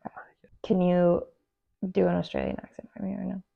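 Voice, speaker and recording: A woman's voice: lowish voice, level tone, a little fast, creaky, muffled recording. A woman hosting a podcast, asking blunt questions in casual chat and swearing freely. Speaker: podcast host.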